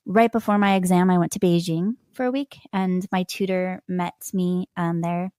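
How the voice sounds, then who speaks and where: A woman in her thirties chats as a podcast guest, her voice pitched a little low and recorded dry and close. She tells her stories with lots of animation and quick laughs, acting out what people said. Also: no room sound. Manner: animated, laughs often, acts out quoted voices. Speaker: podcast guest, language learner. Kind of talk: conversational interview storytelling.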